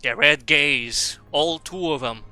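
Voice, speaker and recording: A man's voice: fairly high pitch, slow pace, pushed and bright, smooth. A young man streaming a game, reading its dialogue aloud with stumbles and silly asides.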